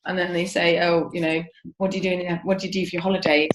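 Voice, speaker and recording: A woman with a lowish voice speaking up on a group video call. Her mic picks up an echoey room. She talks in a relaxed way, walking through an example with quoted exchanges. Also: fast talker, background noise. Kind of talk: casual chat on a video call.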